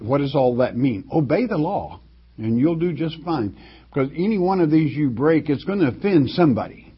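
An older man teaching from the Bible in a folksy, halting way, full of restarts and homespun asides. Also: medium pitch, breathy edge. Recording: dull lo-fi recording.

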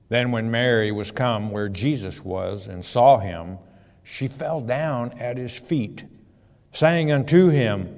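A man's voice: medium pitch, darkish tone, big-room sound. A man teaching scripture verse by verse, reading each passage and then explaining it in plain words. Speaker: preacher.

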